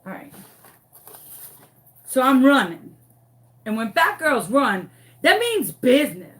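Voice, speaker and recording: A woman telling a comic story in a craft tutorial, animated, dramatic and self-mocking. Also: sits high, takes it slowly. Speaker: crafting vlogger.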